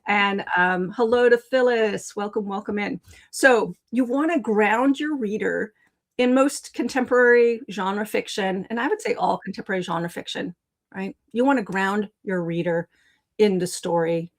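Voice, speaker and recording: Over a video call microphone, a woman with a mid-range voice runs a live online writing lesson at a normal pace. As a writing coach and show host, she keeps things casual and chatty, often addressing viewers in the chat, and the recording is rough.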